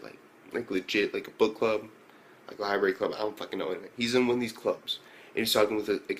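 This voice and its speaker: Profane, rambling low-voiced male reviewer. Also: slight background noise. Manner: profane, loose storytelling full of fillers; jumps to excited high-pitched reactions. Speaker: anime reviewer. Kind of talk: casual episode review.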